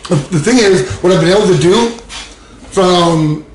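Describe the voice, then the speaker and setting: A man speaking candidly to an audience about addiction and recovery, animated, laughing often and acting out the voices in his head. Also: high-pitched, moderate pace, roomy sound, a little hiss or hum, rough recording.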